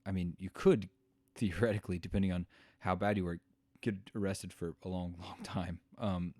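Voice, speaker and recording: Low-voiced man reacting, choked up. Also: fairly even intonation, a little mellow. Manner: rambling, halting, with many fillers and restarts; emotional, choking up. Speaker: podcast host. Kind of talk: casual commentary reacting to video.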